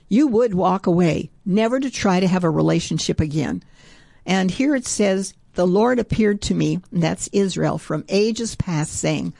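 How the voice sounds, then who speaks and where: A woman giving a devotional Bible teaching, reading scripture aloud in an earnest way that grows excited. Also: mid-range voice, gravelly, no echo, studio quality.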